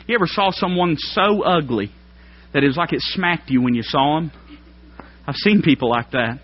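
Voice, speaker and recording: A man preaching a sermon, folksy and plain-spoken, climbing to loud emphatic peaks. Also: a little high, lively intonation, moderate pace. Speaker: pastor. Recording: dull lo-fi sermon recording.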